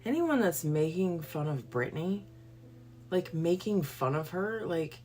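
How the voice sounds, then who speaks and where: A woman's voice: lowish voice, animated, unhurried, a little mellow, a little hiss or hum. A woman, hosting a livestream and ranting bluntly and profanely before a Bible reading. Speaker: livestream host. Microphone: phone or computer livestream.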